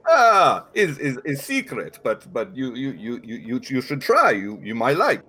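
A man's voice: medium pitch, wildly swooping pitch, measured pace, sharp tone, husky, full character voice. A man voicing a jolly foreign innkeeper with a put-on vaguely Russian accent, stammering and repeating his words. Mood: salesy. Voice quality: stammering repetitions. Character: jolly foreign male innkeeper, eager and fawning.

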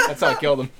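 A young man co-hosting a podcast, telling stories in casual chat, swearing and laughing often. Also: very noisy. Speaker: podcast co-host.

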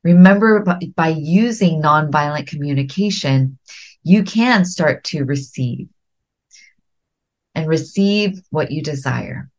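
A middle-aged woman hosting a podcast, giving earnest, gentle coaching and slowing down to stress key words. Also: low voice, expressive. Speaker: podcast host.

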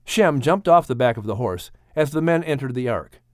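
A man narrating an audiobook in a steady storytelling manner. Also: medium pitch, normal speed, no room sound, studio quality. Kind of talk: scripted narration.

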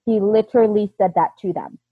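Her medium-pitched voice moves a little fast with a breathy edge and no room sound, carried on a dry, phone-like, tinny line. The woman, in her thirties, chats through her personal story and animates the dialogue she quotes.

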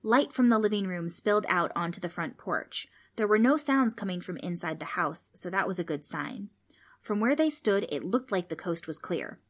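A woman reading a children's storybook aloud as narrator, steady and expressive. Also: mid-range voice, normal speed.

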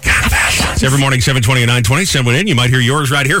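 A man's voice: mid-range voice, rapid-fire, bright, forceful tone, soft background music. A man co-hosting a morning radio show, joking around and reading promos. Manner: jokey, upbeat promo reads.

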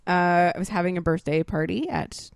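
A woman co-hosting a casual podcast chat, telling stories in a lively way, swearing freely and acting out what people said. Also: fairly low pitch, moderate pace, gravelly, smooth, no echo. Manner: animated storyteller, swears freely, acts out quotes. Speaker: podcast co-host.

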